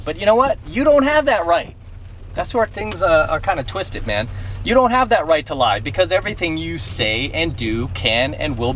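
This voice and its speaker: This man's voice sits a little high with a fairly bright tone, against slight background noise. Standing by his car outside, he tells a story and offers blunt, emphatic advice straight to camera in a casual way, repeatedly asking "okay?"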